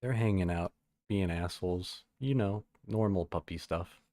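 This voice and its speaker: A man's voice: low-pitched, moderate pace, dark tone, no echo, clean studio sound. A man hosting a podcast live on stream, chatting loosely and swearing as he reads chat aloud. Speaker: podcast host.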